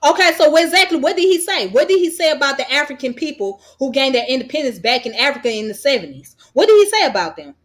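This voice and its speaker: Blunt, high-voiced woman ranting. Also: very animated, fast, hardly any pauses. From United States. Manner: blunt, profane, repeats points emphatically. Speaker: vlogger. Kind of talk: heated commentary rant.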